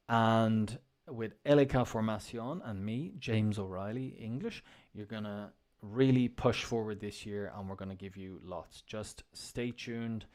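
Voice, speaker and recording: A man hosting a casual online English lesson, talking in an encouraging, conversational way with many fillers. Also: medium pitch. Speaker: English teacher and show host. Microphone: desk mic, wearing headphones at first.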